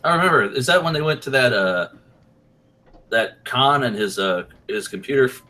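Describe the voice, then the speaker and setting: A man's voice: medium pitch, animated, moderate pace, sharp tone. A man with a wife, rambling in casual podcast chat.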